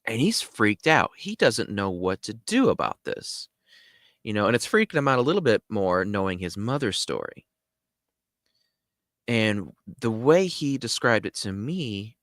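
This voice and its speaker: A man hosting a show, telling a story in a casual, animated way with lots of fillers. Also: lowish voice, unhurried, no echo, clean studio sound. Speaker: host.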